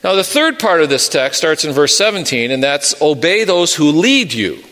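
A man's voice: a little high, sing-song, a bit bright. Earnest man preaching a sermon. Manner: earnest, storytelling, measured pauses. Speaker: pastor. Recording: long reverb of a large hall.

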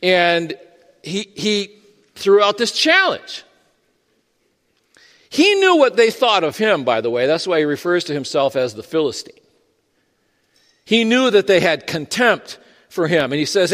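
A male pastor delivers his sermon in a high, lively voice that swings freely up and down as he tells the story. He talks in a chatty way, full of asides and restarts, and his voice carries the long reverb of a large church hall. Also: measured pace, long pauses. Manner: conversational and storytelling, with frequent fillers and restarts.

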